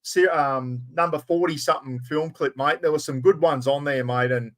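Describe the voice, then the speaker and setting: A blokey Australian man hosts a relaxed livestream chat, laughing easily and swearing casually. His voice sits a little higher than most men's. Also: moderate pace. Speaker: livestream host.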